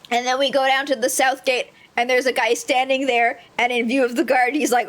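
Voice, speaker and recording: A woman streaming herself playing a video game, commenting casually and excitedly, joking and swearing freely. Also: high voice, brisk, few pauses.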